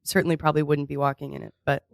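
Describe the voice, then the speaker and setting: Brief: woman from Houston area, low voice, giggly improv guest on a studio mic. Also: flat delivery, rapid-fire, vocal fry, no echo. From Houston area, Texas. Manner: playful, giggly, jokey. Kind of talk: casual podcast chat. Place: radio studio.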